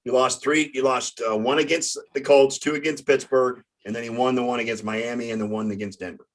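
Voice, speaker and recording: A man hosting a casual sports talk show, halting and often stumbling over his words. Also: mid-range voice, fairly even intonation. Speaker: sports podcast host.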